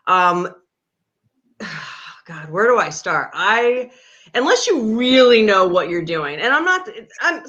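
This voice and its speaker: A woman's voice: medium pitch, bright, forceful tone. A woman business consultant explaining things emphatically in casual webinar talk over a video call. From Boston area, USA. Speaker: business consultant, firm owner. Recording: muffled video call audio.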